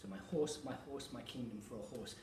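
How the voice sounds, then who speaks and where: A theatre director and actor giving an educational talk to camera. He explains at an unhurried pace, pauses on fillers, and taps out rhythms. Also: medium pitch, dark tone, slight background noise. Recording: roomy echo, distant mic, faint ambience.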